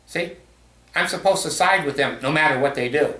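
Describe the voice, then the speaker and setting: Middle-aged guy venting on his vlog, bright edgy voice, swears a lot, sarcastic, roomy echo and kinda far from the mic. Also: fairly high pitch, normal speed. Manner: blunt and profane, with bitter sarcasm. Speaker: vlogger. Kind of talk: angry personal rant to camera. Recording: echoey room, set back from the mic.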